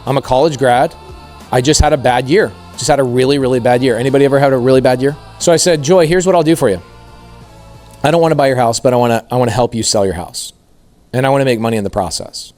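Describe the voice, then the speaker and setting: A man's voice: medium pitch, fast, a little mellow, soft background music. A man giving a live talk to real estate agents in a room with an audience. He tells a story, acts out the other people's lines, and asks the crowd questions. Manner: storytelling, acts out quoted voices, addresses the crowd directly. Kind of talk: energetic stage talk with acted-out dialogue.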